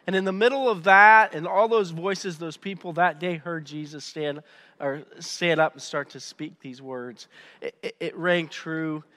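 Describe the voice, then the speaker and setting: A man preaching a sermon as pastor, conversational and animated, often restarting his sentences. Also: on the high side, unhurried, in a large hall.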